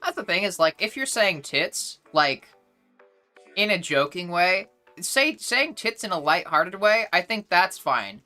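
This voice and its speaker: Young woman, streamer, low pitch, crisp bright tone, casual rambling chat, swears a lot. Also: sing-song, a little slow, faint music behind. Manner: rambling, blunt, swears a lot, many fillers and restarts.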